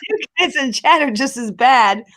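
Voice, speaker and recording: A woman's voice: high-pitched, lively intonation, moderate pace, fairly bright tone, a little hiss or hum, poor audio. A woman co-hosting a live stream, chatting casually, laughing often and reading out chat comments. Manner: laughs a lot, reads out chat.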